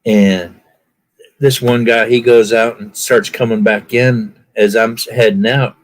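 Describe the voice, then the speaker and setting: A man tells folksy stories in casual chat, raising his voice to act out the people in them. He speaks at medium pitch with a steady tone and measured pace. The recording is rough.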